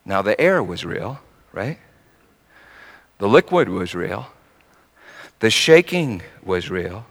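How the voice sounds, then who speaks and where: In a large hall, a man delivers a sermon built around a personal story, his low voice slow and creaky. His animated telling moves between quiet, soft passages and outright shouting.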